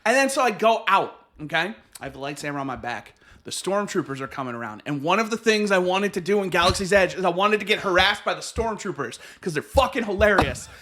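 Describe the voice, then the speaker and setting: A man co-hosts a casual podcast, spinning animated stories and cursing freely as he goes. His voice sits high and sounds bright and forceful. He laughs often between lines. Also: quick pace. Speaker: podcast co-host. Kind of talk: casual chat.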